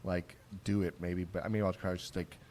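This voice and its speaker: A man hosting a barbecue podcast, telling stories in a casual, rough-spoken, rambling way with lots of restarts. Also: low voice, level tone, moderate pace, darkish tone. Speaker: podcast host. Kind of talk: casual chat. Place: on location at a barbecue trade conference.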